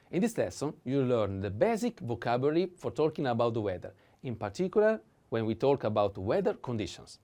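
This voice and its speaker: A man's voice: mid-range voice, big pitch swings, fairly quick, few pauses, dark tone. A man with an Italian accent teaching a whiteboard lesson, pronouncing each word several times and explaining in non-native English.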